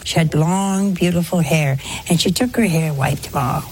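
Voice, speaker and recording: A woman's voice: deep voice, moderate pace, darkish tone, a little hiss or hum. A woman giving a spoken sermon to a congregation in a folksy way, full of rhetorical questions and anecdotes. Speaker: religious speaker.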